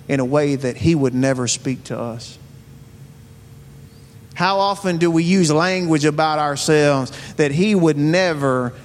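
Man, pastor, sermon, earnest, rhetorical questions, high pitch. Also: in a large hall.

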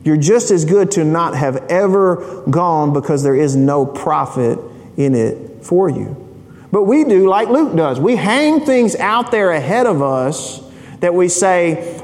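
A man's voice: a little high, animated, slow pace, darkish tone. A man preaching a sermon, telling a family story and asking rhetorical questions. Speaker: pastor. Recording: long hall reverb.

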